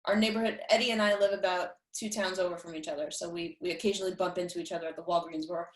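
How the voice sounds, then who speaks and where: A woman's voice: on the low side, steady tone, racing. A woman hosts a podcast in easygoing casual chat. She laughs readily, and her voice carries the echo of a roomy space. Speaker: podcast host. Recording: echoey room.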